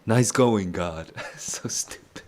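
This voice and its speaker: A man reading a novel aloud and reacting to it, thinking out loud and often chuckling. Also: on the low side, slow, slight background noise. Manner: musing aloud, frequent chuckles. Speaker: book club streamer.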